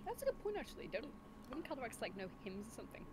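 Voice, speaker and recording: A woman's voice: on the high side, big pitch swings, fast talker. A woman playing a tabletop game, bantering playfully and laughing often. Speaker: player. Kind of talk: casual tabletop game chat. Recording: noisy home recording.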